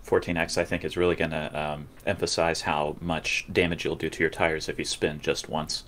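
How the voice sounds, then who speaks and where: A man co-hosting a live racing podcast, talking through strategy in a dry, measured way. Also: rumbling low, little pitch movement, a bit bright, a little hiss or hum. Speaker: podcast co-host. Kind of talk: casual live commentary chat.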